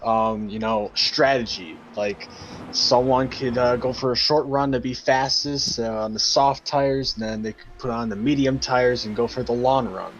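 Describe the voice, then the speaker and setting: A man's voice: medium pitch, fairly even intonation, moderate pace, slight background noise. A man joining a sim racing broadcast as a guest, explaining tire strategy plainly, with a few ums. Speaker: guest commentator. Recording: dull lo-fi voice chat line.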